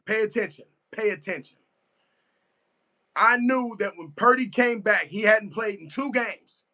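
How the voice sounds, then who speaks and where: A man's voice: high voice, lively intonation, unhurried, sharp tone. A man giving a casual live reaction to a football game, emphatic and repetitive, answering his chat as he goes. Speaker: sports fan streamer.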